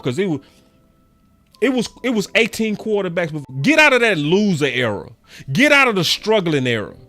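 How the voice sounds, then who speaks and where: A man's voice: high voice, fairly bright tone. A man in his forties, a sports fan commentator, giving a passionate and repetitive rant to camera with preachy emphasis.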